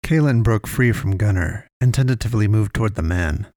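A man narrating a dark fantasy story in a measured, deliberate reading. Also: on the low side, expressive, no room sound, clean studio sound. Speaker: audiobook narrator. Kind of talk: scripted fiction narration.

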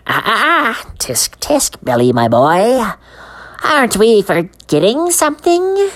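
A woman's voice: on the high side, very animated, slow, voice pushed up, heavily acted. A woman voicing a sinister little male ice cream man who hisses and teases in a sing-song way. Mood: teasing. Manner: hissing, teasing, sing-song.

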